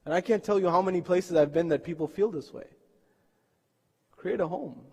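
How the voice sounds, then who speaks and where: A man's voice: high-pitched, quick pace, warm tone, slight background noise. A man preaching a sermon in a mosque, telling stories earnestly and asking rhetorical questions. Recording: long reverb of a mosque hall.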